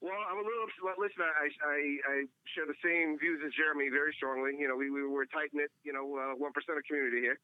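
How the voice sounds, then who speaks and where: Man, New York accent, caller, rambling casual talk, fairly high voice, muffled dry phone sound. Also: fairly even intonation, quick pace, hardly any pauses, no echo. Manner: rambling, many fillers and restarts. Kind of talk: casual call-in chat. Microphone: phone call.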